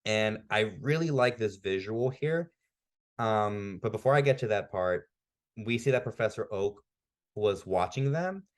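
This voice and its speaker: A fairly low-pitched male voice, relaxed and conversational. He co-hosts a podcast and walks through a story's events with eager, filler-heavy chatter. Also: unhurried. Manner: enthusiastic, frequent "like" fillers. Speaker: podcast co-host. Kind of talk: casual recap and review.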